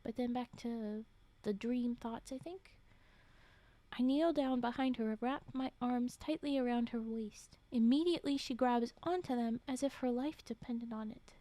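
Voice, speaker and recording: A woman streamer reading a story aloud with dramatic flair, dropping into whispered asides and reacting out loud between passages. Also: on the high side, measured pace, dry recording.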